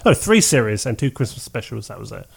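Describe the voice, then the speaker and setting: Brief: man, mid-pitched, casual podcast co-host, eager and laugh-prone. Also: very animated, gravelly, husky. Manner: enthusiastic, laughs often, breaks into quick impressions.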